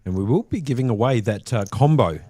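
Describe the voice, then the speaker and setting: A man calls poker hands live from a commentary booth. He keeps breaking into giggles between the action, at a middling pitch. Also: lively intonation, brisk, warm tone, no echo. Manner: giggly, laughing through lines.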